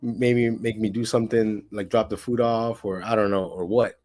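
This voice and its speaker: Male guest, gig driver, slightly low voice, dry close recording, rambling casual delivery. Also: steady tone, normal speed, a little mellow, dry recording. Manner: rambling, many "like" and "you know". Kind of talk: casual interview chat.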